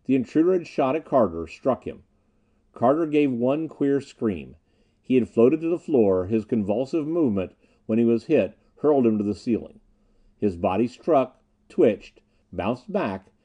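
A man reading a first-person space adventure aloud, his voice mellow and relaxed in tone. His pitch moves a lot, lending the story drama. The reading is expressive and steady. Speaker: audiobook narrator.

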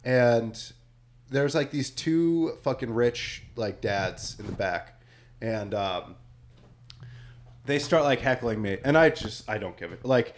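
Young comedian dude rambling thru a story, cussing, lots of "like". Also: male voice, medium pitch, expressive, slow pace, slight background noise. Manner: rambling, swears a lot, heavy use of "like". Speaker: podcast co-host and comedian. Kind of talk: casual storytelling chat.

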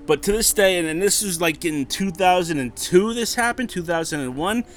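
A man's voice: sits high, expressive, moderate pace, faint music behind. A man in his thirties co-hosting a casual podcast, telling a story with lots of laughter, swearing and acted-out quotes. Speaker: podcast co-host.

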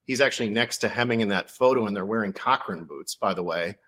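A man's voice: lowish voice, fast talker. A male author, a guest on a podcast, telling a story in a casual interview with lots of fillers. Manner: animated storytelling, many fillers.

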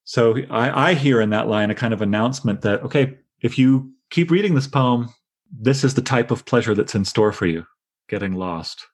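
A man leading a poetry discussion, thoughtful, reading lines of verse aloud slowly. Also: medium pitch, animated, slightly rough. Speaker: discussion leader.

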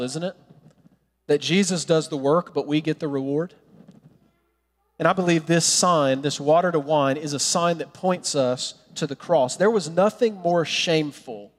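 A man preaching a sermon as a pastor, telling a Bible story in an animated way and acting out the characters' lines. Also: a little high, long reverb tail.

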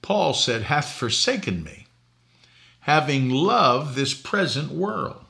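A man's voice: fairly high pitch, big pitch swings, takes it slowly, gravelly, bright, forceful tone. An older man from Boston, a preacher hosting a talk show, telling folksy stories and laughing at his own jokes. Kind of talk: preaching talk show answering viewer questions.

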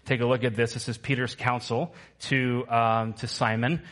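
A man's voice: mid-range voice, flat delivery, moderate pace, a bit bright. A male pastor preaching a sermon to his church, emphatic and repetitive, asking the congregation to answer back.

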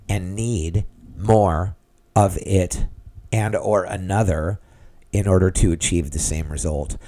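Middle-aged man, gravelly, fairly low voice, emphatic rambling podcast monologue. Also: a little mellow. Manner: emphatic, rambling, repeats himself. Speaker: podcast host. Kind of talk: opinionated solo podcast monologue.

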